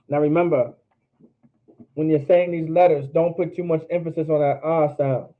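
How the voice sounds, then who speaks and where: A man's voice: a little high, steady tone, moderate pace. A man teaching an online alphabet class in a casual way, repeating and drilling each letter sound aloud. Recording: tinny phone-like line.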